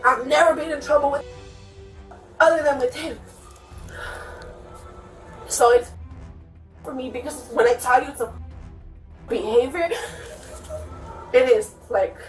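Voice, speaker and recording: Play a high-voiced, heated woman venting to a cop, caught by a distant bodycam in an echoey room with faint music underneath. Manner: heated, fast, swearing, venting. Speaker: resident speaking to police. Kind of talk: agitated account to an officer. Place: inside a house, indoors. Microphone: police bodycam from a distance.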